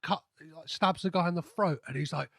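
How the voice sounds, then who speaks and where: A man's voice: on the high side, fairly quick, gravelly, fairly bright tone, slightly rough. A man hosting a podcast, chatting casually and rambling with lots of fillers and restarts. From half Greek. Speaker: podcast host. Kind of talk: casual interview chat.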